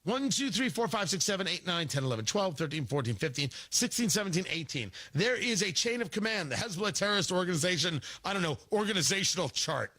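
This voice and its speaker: A male radio talk show host giving political commentary, animated and sarcastic, acting out mocking voices. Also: sits high, fast talker, few pauses, dry recording.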